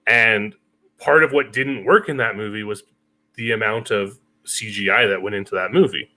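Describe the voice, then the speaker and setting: A man's voice: on the low side, normal speed, pushed and bright. Thoughtful man on a film podcast. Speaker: podcast co-host. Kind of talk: casual film discussion.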